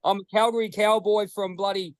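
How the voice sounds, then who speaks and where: Australian host, excitable rambler, higher pitch, dry close mic. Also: male voice, brisk, clean tone, no echo, low-quality recording. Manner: rambling, excitable, swears freely. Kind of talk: casual chat.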